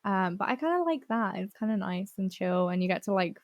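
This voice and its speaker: A woman's voice: medium pitch, lively intonation, brisk, no echo. Woman co-host, casual chat; blunt, swears a lot, rants when annoyed. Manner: swears freely, rants with exasperation. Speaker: podcast co-host.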